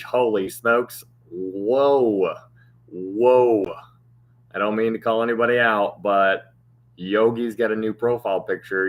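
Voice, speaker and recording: A man's voice: lowish voice, a bit bright. A man hosting a livestream Bible study, chatting casually and thanking viewers by name, his voice strained and cutting out. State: strained voice that cuts out.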